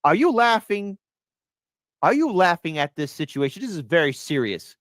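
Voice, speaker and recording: A woman doing an impression of a cheerful male cartoon mouse in a high squeaky falsetto, laughing mockingly. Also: very animated, normal speed, no room sound, studio quality. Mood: mock scolding. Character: chirpy cartoon mouse, cheerful then scolding.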